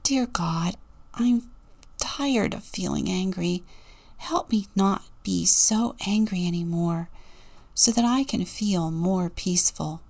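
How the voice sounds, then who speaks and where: A woman voicing an easily angered young male animal with a horn in a storybook reading, grumbling and yelling. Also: lowish voice, slow pace, creaky, exaggerated voice. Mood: weary.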